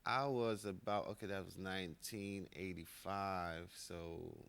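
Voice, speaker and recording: A man's voice: low voice, fairly even intonation, unhurried, gravelly, fairly bright tone, clean tone. A man in his forties from the Seychelles with an American accent, a coach chatting easily as a guest and laughing often. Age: 40s. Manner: easygoing, laughs often, talks in short pieces. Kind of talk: casual chat interview.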